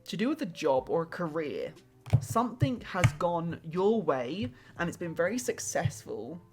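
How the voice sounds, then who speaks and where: A woman's voice: on the low side, sing-song, unhurried, music in the background. A woman streaming a live tarot reading, talking casually and affectionately to her viewers in a loose, rambling way, full of fillers and restarts. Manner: rambling, heavy use of "like" and restarts; warm and affectionate toward viewers.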